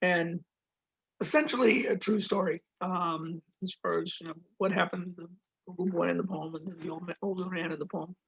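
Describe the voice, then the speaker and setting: A man in his sixties reading his own poems slowly and deliberately at a virtual book launch. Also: high-pitched, fairly even intonation, gravelly, fairly bright tone, husky. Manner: slow, deliberate recitation. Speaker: poet reading his work. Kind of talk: poetry reading. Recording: dull lo-fi video call audio.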